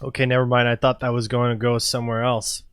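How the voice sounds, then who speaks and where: A man's voice: mid-range voice, monotone, fast talker, clear, resonant tone. A man commenting on a game playthrough, joking around, laughing often and reading lines aloud in voices. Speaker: gaming channel host.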